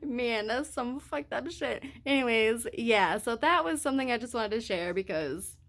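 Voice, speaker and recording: A woman's voice: on the high side, moderate pace, creaky. A young woman vlogging into a hand-held phone, telling a rambling story full of casual swearing. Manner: profane, rambling, animated storytelling.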